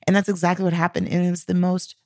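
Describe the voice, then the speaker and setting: A woman co-hosting a podcast, telling stories in a relaxed, chatty way. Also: lowish voice, fast, no echo. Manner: relaxed storytelling, laughs often. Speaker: podcast co-host. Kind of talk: casual podcast chat.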